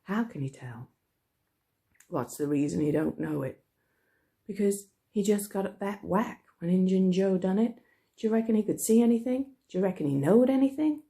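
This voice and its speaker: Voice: medium pitch, animated, normal speed, gravelly, mellow, voice pushed up. A teacher voicing frightened boy Tom Sawyer. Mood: anxious whisper. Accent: put-on American. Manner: breathless whispering.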